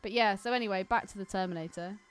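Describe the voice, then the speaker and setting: A woman's voice: mid-range voice, quick pace, faint music behind. A woman co-hosting a podcast in casual chat, playful and laughing often. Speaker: podcast co-host.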